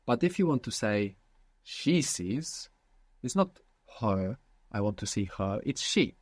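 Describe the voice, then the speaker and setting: Male teacher, low-pitched, patient questioning, dry close sound. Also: big pitch swings, slow pace, no room sound. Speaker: language teacher. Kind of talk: guided language lesson.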